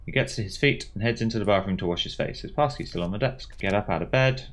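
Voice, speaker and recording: A man's voice: lowish voice, fast talker. A man reading a mystery game aloud, with wry, dry asides between passages.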